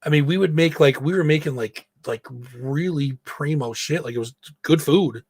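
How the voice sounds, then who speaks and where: A man with a voice on the high side and a slightly rough texture speaks at a moderate pace, with no echo. He's a podcast host in his home studio, casually recounting a profane story and playing out everyone's lines with energy. He mutes his own microphone to vape.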